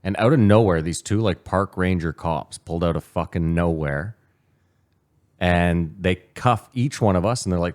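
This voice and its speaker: A man from Canada with a very low voice tells stories on a podcast. He is a co-host in his forties, chatting casually and swearing freely. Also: normal speed. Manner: swearing, animated storyteller. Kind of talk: casual chat.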